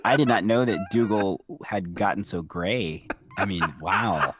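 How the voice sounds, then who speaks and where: A man co-hosting a podcast, reacting in an animated, laughing way. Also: lowish voice, measured pace, background noise. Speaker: podcast co-host. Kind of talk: casual chat.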